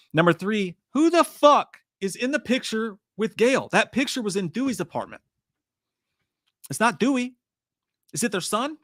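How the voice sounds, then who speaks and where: A man's voice: a little high, a bit bright, no room sound, clean studio sound. A man hosting a live trailer breakdown, rambling casually, swearing freely and reading out chat comments. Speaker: live-stream host.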